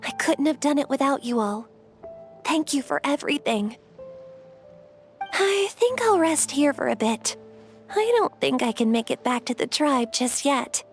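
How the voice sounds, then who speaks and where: A woman voicing a gentle young woman warrior haunted by fear, in earnest, soft-spoken game dialogue. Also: high-pitched, big pitch swings, measured pace, full character voice. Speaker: game character. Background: faint game music.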